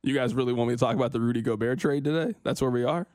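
A man's voice: mid-range voice, very fast, darkish tone, no echo. A young man hosting a sports talk radio show, bantering and complaining in a playful, self-mocking way into a studio microphone.

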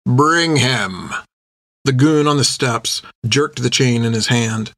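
A man reading a story aloud in steady, even narration on a close microphone. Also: medium pitch, a little slow, no echo. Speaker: audiobook narrator.

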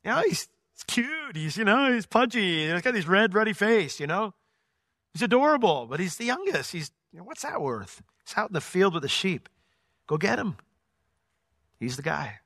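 A man's voice: high voice, very animated, normal speed, pushed and bright, no room sound, clean studio sound, long reverb tail, voice pushed up, heavily acted. A man doing an offhand, fond older father. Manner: chatty, offhand, rambling.

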